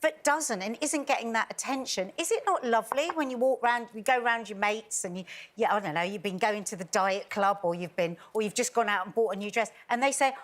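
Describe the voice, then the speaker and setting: A woman's voice: medium pitch, brisk, few pauses. A woman panelist arguing her opinion earnestly and emphatically in a daytime TV studio chat.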